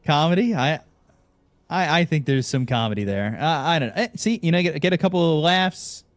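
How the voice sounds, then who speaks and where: An esports caster with a fairly high voice chats casually and briskly on air, telling long jokes between matches in an animated way. There's no room sound.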